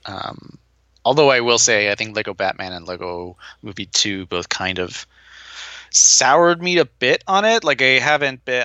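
A man co-hosting a podcast, chatting casually about movies in a relaxed way, with many fillers. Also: deep voice, dry recording, muffled recording. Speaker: podcast co-host.

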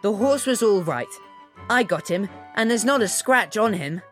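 Woman voicing a brave boy, gentle, earnest, soothing. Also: medium pitch, expressive, moderate pace, faint music behind, lightly acted.

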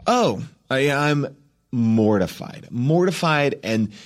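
A man guest on a podcast, telling a story animatedly, acting out quotes and restarting his sentences fast. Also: mid-range voice, expressive. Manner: acts out quotes, rapid restarts.

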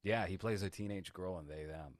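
A man's voice: low voice, a little fast, no echo, clean studio sound. A man co-hosting a podcast in casual chat, sarcastic and provocative. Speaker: podcast co-host.

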